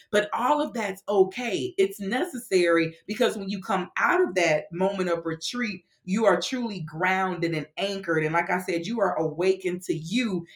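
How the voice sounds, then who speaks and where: A woman podcast guest speaking earnestly and motivationally in casual conversation, with talk of faith. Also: fairly low pitch.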